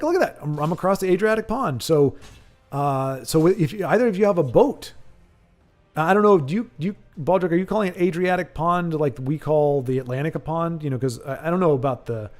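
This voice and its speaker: A man's voice: on the high side, darkish tone. A man hosting a live stream in a rambling, chatty way, reading viewer chat aloud and laughing often. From United States. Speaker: stream host.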